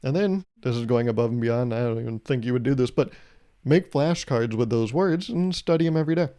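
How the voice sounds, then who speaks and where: A man hosts a solo podcast, riffing in a sarcastic, comedic monologue and firing off rhetorical questions. His voice is mellow and warm, sitting at an ordinary male pitch. He dishes out mock advice with a playful, teasing edge. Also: expressive, brisk, clean tone. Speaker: podcast host.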